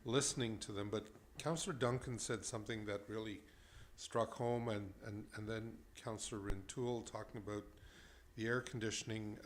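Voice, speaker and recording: A man on a town council, asking the developer pointed questions with deliberate emphasis. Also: medium pitch.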